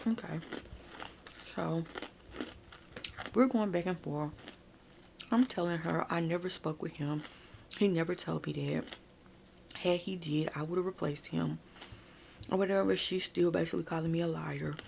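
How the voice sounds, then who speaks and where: A woman's voice: on the low side, normal speed, creaky, long pauses, a little hiss or hum. A woman chatting through a casual ASMR storytime, talking straight to her viewers and using "like" a lot, close to the mic. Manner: chatty, frequent "like" and "y'all"; addresses viewers directly.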